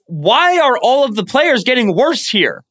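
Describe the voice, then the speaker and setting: A man co-hosting a sports podcast, talking fast and animated, breaking into theatrical mock-biblical rants. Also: very high voice. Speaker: podcast co-host.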